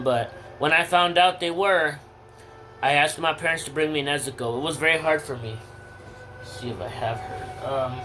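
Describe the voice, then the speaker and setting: A man's voice: on the high side, bright, forceful tone, low-quality recording. A teenage boy casually telling a personal story to his viewers, slangy, candid and emotional. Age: teens. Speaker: vlogger.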